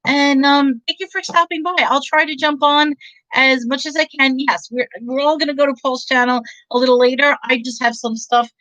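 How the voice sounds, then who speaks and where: A chatty, upbeat woman with a New York, Long Island accent talks casually to her live-stream viewers, rambling and laughing as she goes. Her voice sits fairly high. The sound is dry and close. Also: fairly even intonation, moderate pace, sharp tone, dry recording, muffled recording. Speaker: online reseller hosting a live stream. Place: home in Texas.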